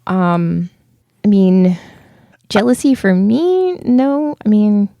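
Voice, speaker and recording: A woman co-hosting a podcast in casual chat with her partner, agreeable and relaxed. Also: mid-range voice, takes it slowly, creaky, no echo. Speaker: podcast co-host.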